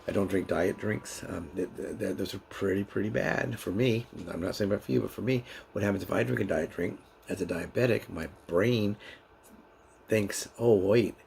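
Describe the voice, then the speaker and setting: Male vlogger, deep rough voice, unscripted and rambling, with lots of restarts. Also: a little hiss or hum, rough recording. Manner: rambling, repetitive, many restarts and fillers. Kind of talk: casual unscripted vlog monologue.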